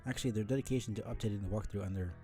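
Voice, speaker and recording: Male reader as aloof teen girl, verbose and dry, low mellow tone. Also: rapid-fire, faint music behind, close to an everyday voice. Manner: wordy, dry, mildly sardonic. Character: verbose aloof teenage girl, dryly condescending.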